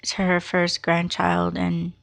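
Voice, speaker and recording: Slow, gravelly-voiced woman podcaster. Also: on the low side, completely flat delivery, fairly bright tone. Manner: candid and emotional, swears freely. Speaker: podcast host. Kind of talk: personal storytelling monologue.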